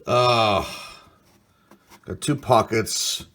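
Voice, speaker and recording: Slow-talking man reading baseball cards. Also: on the low side, fairly bright tone, a little hiss or hum. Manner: unhurried, reads names aloud, mild enthusiasm. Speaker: card collector host. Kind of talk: casual card-break commentary.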